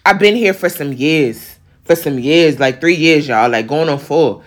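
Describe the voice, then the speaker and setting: A woman's voice: low-pitched, a little slow. Emphatic woman telling a story in slang. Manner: emphatic, slangy, addresses viewers directly. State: on the verge of tears. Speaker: vlogger telling a personal story. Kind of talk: casual storytelling to viewers.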